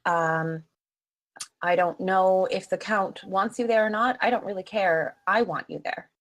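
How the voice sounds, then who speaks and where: A woman plays a tabletop game, talking in an upbeat, chatty way. Her speech is loose and full of fillers. Her voice sits at a middle pitch. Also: fairly even intonation, measured pace, low-quality recording. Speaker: player.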